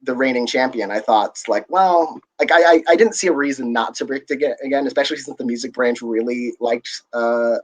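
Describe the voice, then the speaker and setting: A man's voice: mid-range voice, brisk, hardly any pauses, low-quality recording. A man discussing awards results in a casual panel chat, rambling with many restarts and chuckles. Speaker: awards pundit.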